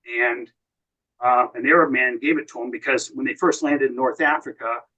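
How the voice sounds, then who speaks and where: A man's voice: mid-range voice, fairly even intonation, moderate pace, pushed and bright, highs cut off. An American man, a podcast guest, telling long family and wartime stories in a casual way, often quoting what others said. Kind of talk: casual storytelling.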